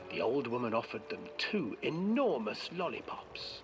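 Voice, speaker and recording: A man reading a dark fairy tale as scripted narration in a game, in a hushed, ominous storytelling manner. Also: mid-range voice, sing-song, a little slow, hardly any pauses, muffled recording. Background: game music.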